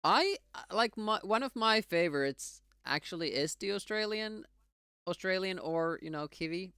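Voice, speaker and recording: Lively game streamer. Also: mid-range voice, normal speed, smooth, no room sound, studio quality. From Finland. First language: Finnish. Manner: chatty, laughs often, answers chat while playing. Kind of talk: casual live-stream chat while playing. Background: game music.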